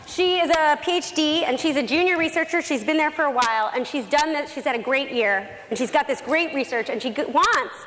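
A woman's voice: high-pitched, brisk, few pauses, fairly bright tone. A woman presenting a negotiation workshop, talking through a role-play scenario in a conversational way. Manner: reads role-play lines aloud, conversational. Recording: faint noise in a long-reverb hall.

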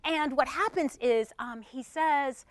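A middle-aged woman giving a talk to an audience, animated and punchy, telling stories and playing with the crowd. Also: sits high, slow pace, no echo. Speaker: speaker addressing an audience. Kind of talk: conversational talk with storytelling.

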